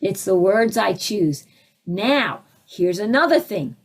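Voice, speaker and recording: A woman's voice: medium pitch, big pitch swings, slow pace. A woman spiritual teacher answering audience questions, who acts out little scenes with sudden swings in her voice.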